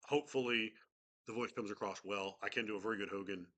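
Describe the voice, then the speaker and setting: A man's voice: fairly low pitch, steady tone, quick pace, a bit bright. A man with a cold, a game master chatting casually and rambling, with many restarts. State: has a cold. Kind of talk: casual chat about tabletop games.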